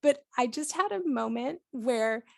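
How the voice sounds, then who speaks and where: A woman's voice: sits high, animated, a little slow, creaky, no echo, studio quality. A woman telling a personal story in a casual interview, chatty and full of "like" and "you know". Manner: chatty, heavy use of "like" and "you know", laughs often. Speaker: podcast host and cookbook author, interviewed.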